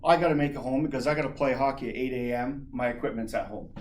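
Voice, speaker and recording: A man giving a humorous personal story as a club speaker, lively and chuckling, imitating sounds as he goes. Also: mid-range voice, fast.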